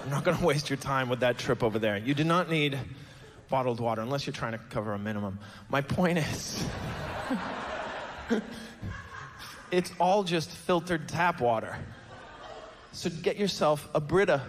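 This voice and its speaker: A man's voice: medium pitch, expressive, moderate pace, pauses often. A man in his fifties doing a stand-up comedy set on a club stage, telling wordy mock-pompous stories that build to emphatic punchlines. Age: 50s. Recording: noisy live stage recording.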